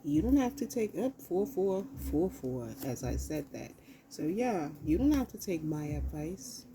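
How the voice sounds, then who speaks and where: A woman's voice: on the low side, big pitch swings, measured pace, background noise. A woman giving a casual, profane tarot reading, talking loosely to herself as she pulls cards. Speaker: tarot reader.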